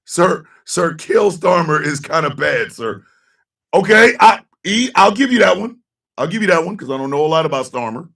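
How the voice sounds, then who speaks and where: A man hosting a casual talk show, ranting loudly and cursing, swinging between shouting and low mutters. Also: very animated, moderate pace, gravelly, recorded from a distance. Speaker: host.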